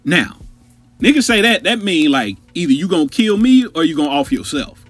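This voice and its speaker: A man in his thirties telling a long personal story on a podcast, profane and animated, talking straight to his listeners. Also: a little high, moderate pace, dry recording, soft background music. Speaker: podcast host.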